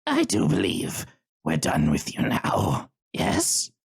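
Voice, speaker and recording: A sinister hooded informant with gray skin, creepy and zombie-like. His voice is a deep, gravelly rasp, breathy and grating like sandpaper. He drags every word out slowly and menacingly, with a pitch that swoops widely. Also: wildly swooping pitch, exaggerated voice. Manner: slow, drawn-out and menacing. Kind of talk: narrating a tabletop game.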